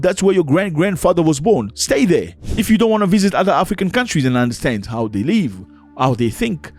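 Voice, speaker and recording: A man speaking straight to his viewers in an emphatic, preaching way, with a voice pitched a little high for a man. He keeps slipping into quick impressions of the people he quotes. Soft music plays underneath. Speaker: vlogger. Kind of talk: opinionated monologue to camera.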